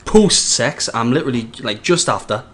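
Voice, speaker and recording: A man's voice: mid-range voice, animated, moderate pace, fairly bright tone. A man, a podcast co-host telling a rambling story with frequent restarts. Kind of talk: casual anecdote telling.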